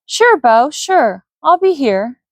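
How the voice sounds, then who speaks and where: A woman's voice: high voice, very animated, slow pace, no echo, clean studio sound, voice pushed up, heavily acted. A woman voicing an eager, doting young woman who fusses over someone. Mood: fussing.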